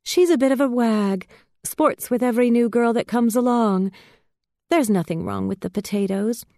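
Woman narrator doing a calm, high-pitched, friendly mill girl. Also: normal speed, vocal fry, no room sound, studio quality. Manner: calm, matter-of-fact.

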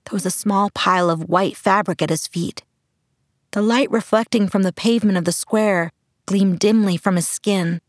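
A woman's voice: medium pitch, normal speed, no room sound, studio quality. A woman narrating a first-person novel as an audiobook, reading expressively. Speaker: audiobook reader.

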